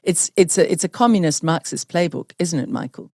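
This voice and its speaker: A woman's voice: on the low side, lively intonation, fairly quick, warm tone, dry recording, clean studio sound. A New Zealand woman hosting an interview, talking in an earnest, emphatic way and asking her guests to agree. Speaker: host. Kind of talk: conversational interview.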